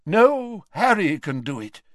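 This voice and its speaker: A man voicing a weakened, elderly wizard who stays calm and in command, speaking slowly and quietly. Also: high voice, no room sound, studio quality, voice pushed up, full character voice.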